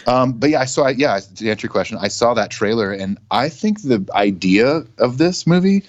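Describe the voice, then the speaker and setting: A man's voice: mid-range voice, animated, moderate pace, muffled recording, a little hiss or hum. A man co-hosting a podcast, chatting casually, enthusiastic and rambling. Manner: enthusiastic, rambling, laughs easily. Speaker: podcast co-host. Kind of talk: casual chat.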